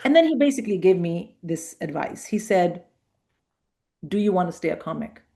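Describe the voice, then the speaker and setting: A middle-aged woman with a lowish voice chats through a casual interview. She spins animated anecdotes and acts out the other people in them with quick shifts of tone. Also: gravelly. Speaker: comedian guest.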